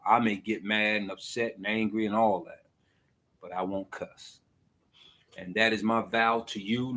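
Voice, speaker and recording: A man in his forties giving an exasperated, animated rant in a casual vlog and laughing between points. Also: medium pitch. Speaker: vlogger.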